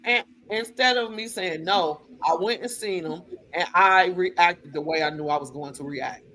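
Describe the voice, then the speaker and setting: A woman talking on a casual talk show, retelling family stories with blunt, cussing candor. She slips into other people's voices as she tells it. Her tone is bright and forceful. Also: fairly low pitch, moderate pace, slight background noise. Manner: blunt and profane, lively retelling with quoted voices. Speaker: co-host. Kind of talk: casual chat, personal storytelling.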